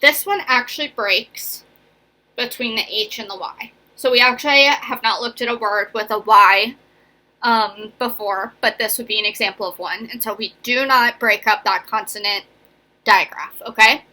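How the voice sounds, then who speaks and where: This elementary school teacher is a young woman leading a relaxed phonics lesson by video, friendly and talkative, frequently asking "right?" and "okay?". Her fairly high voice comes across pushed and bright, at a normal speed.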